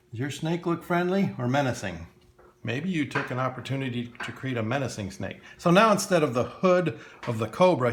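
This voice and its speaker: A man teaching children to draw cartoons step by step, playful and talking straight to the kids, with frequent chuckles. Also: medium pitch. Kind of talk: step-by-step drawing lesson for kids.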